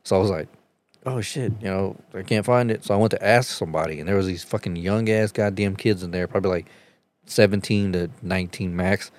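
Low-voiced man telling a profane story. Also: brisk. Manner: profane, rambling, animated when retelling. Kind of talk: casual chat, storytelling.

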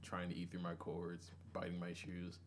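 A man's voice: low voice, completely flat delivery, moderate pace, slight background noise. A man from Maryland co-hosting a podcast, talking in casual chat in a matter-of-fact, joking way. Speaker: podcast co-host.

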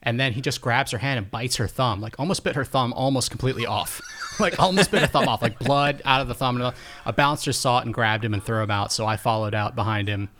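A man at middle pitch, a podcast guest in casual chat over a video call. His talk is loose and laughing, and he fills it with "like" as he tells a story. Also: fairly even intonation, brisk, few pauses, fairly bright tone. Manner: loose, laughing, full of "like" fillers.

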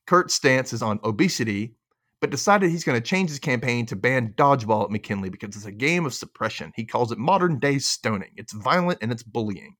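A man's voice: mid-range voice, animated, a little fast, fairly bright tone. A man hosting a casual recap podcast, a little tipsy, swearing freely and laughing often. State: tipsy from drinking. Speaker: podcast host.

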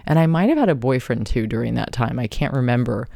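A woman hosting a podcast tells a loose personal story, chatty and casual, with a gravelly fry running through her voice. She drops a curse here and there and breaks into laughs mid-sentence. The sound is dry and close, with no room around it. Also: rumbling low, lively intonation, quick pace, dark tone, no room sound. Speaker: podcast host.

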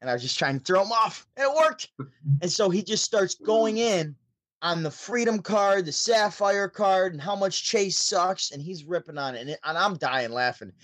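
A man from Syracuse, New York, telling stories as a podcast guest over a remote call, chatty and animated. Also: sits high, normal speed, dry recording. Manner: chatty, animated, with frequent restarts. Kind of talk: casual storytelling.

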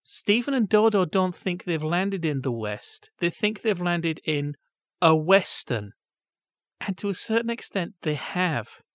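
A man's voice: sits high, sing-song, measured pace, no room sound, studio quality. A man co-hosting a podcast, talking through ideas in long wry asides, casual and analytical. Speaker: podcast co-host.

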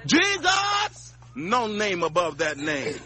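A man's voice: high-pitched, big pitch swings, unhurried, a crowd in the background. A man in a filmed street confrontation, preaching at a stranger in a mocking way and laughing between rebukes.

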